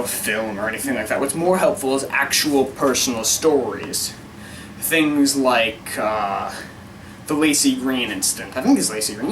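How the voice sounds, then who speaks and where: A man's voice: medium pitch, far from the mic, background noise. A man talking casually to camera in a vlog, giving his opinions in a wry, rambling way and often interrupting himself. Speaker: vlogger.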